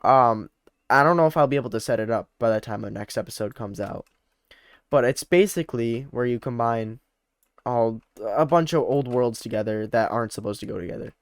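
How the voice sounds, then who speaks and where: A man's voice: mid-range voice, a little fast, no echo, studio quality. A young man narrating his gameplay casually, rambling and often correcting himself mid-sentence. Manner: rambling, self-correcting, repeats words. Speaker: let's play host.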